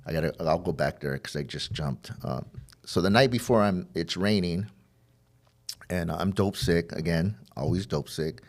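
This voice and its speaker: A middle-aged man with a very low, deep voice tells his own story of addiction and recovery as a podcast guest. He rambles, doubles back and repeats words, and acts out old conversations in the quoted lines. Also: normal speed. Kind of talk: personal storytelling.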